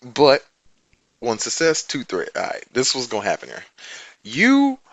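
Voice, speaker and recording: A man's voice: medium pitch, wildly swooping pitch, measured pace, creaky, dry recording, low-quality recording. A man narrating as game master in an easygoing way, laughing often.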